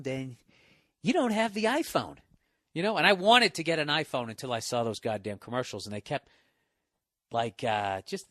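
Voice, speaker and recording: A man's voice: medium pitch, sharp tone, dry recording, clean studio sound. A man hosting a podcast alone, ranting in a profane, exasperated, rambling way. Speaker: podcast host. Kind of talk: solo ranting monologue.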